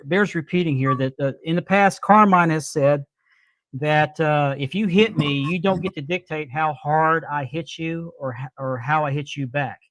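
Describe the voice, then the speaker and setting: A man's voice: a little high, fairly bright tone, dry recording. A man hosting a live-stream talk show who speaks indignantly and repeats his points for emphasis. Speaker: podcast host.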